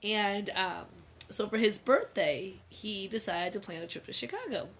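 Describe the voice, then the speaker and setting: Woman, thirties, casual co-host, chatty, laughs a lot, mid pitch. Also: lively intonation, moderate pace, a bit bright, slight background noise. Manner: chatty, laughs often, storytelling. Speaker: podcast co-host. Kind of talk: casual chat.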